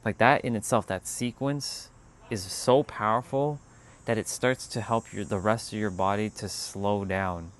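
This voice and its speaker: A man hosting a casual spiritual livestream, talking in a calm, unhurried way that turns loose and profane at times. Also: fairly low pitch. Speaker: livestream host.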